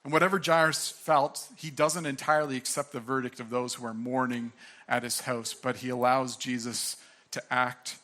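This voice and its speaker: A man's voice: mid-range voice, flat delivery, moderate pace, sharp tone. A young man giving a sermon as pastor, earnest and conversational, full of fillers and restarts.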